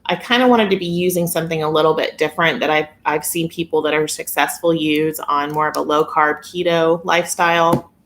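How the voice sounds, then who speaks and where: A woman's voice: sits low, steady tone, a little fast, few pauses, a little hiss or hum. A woman hosting a casual live-stream chat on a phone camera, chatty and giggly as she reads viewer comments. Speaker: weight-loss vlogger hosting a live stream.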